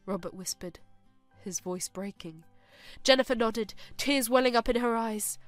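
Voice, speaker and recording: A woman giving a scripted, solemn and measured story narration. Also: a little high, soft background music.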